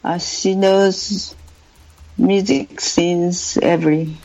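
Female radio caller, halting hesitant English, slow unhurried delivery. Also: fairly low pitch, fairly even intonation, mellow, lo-fi sound. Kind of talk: phone-in call.

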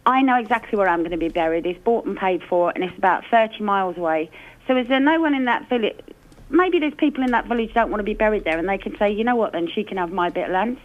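A woman's voice: medium pitch, animated, quick pace, phone-quality sound. A woman calling in to a radio show, a mum speaking in an earnest, indignant way. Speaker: caller. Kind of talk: phone-in call.

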